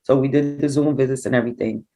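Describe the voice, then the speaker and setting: A middle-aged woman, a grieving mother recounting events in an interview, animated and acting out what people said. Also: extremely low pitch, quick pace, low-quality recording. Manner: animated, acts out quoted dialogue. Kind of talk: emotional personal storytelling.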